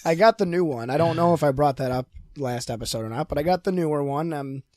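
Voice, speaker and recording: A young man with a slightly higher voice than most men, chatting as a podcast co-host. He tells stories with animated energy, swears freely and laughs often. The sound is dry and close, with no room around it. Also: quick pace, no echo. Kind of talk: casual chat.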